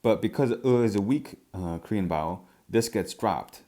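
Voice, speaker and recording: A man with a very low, deep voice walks through a language lesson at his own unhurried rhythm. He hesitates often, with fillers and an occasional cleared throat, as he explains each point. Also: warm tone. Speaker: language teacher.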